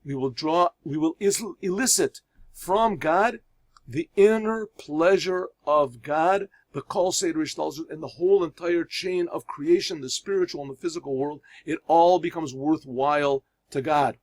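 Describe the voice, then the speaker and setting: A man, a rabbi teaching a religious class, who reads Hebrew phrases aloud and explains each one in English, telling parables with pauses and restarts. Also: fairly high pitch. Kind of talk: religious lesson.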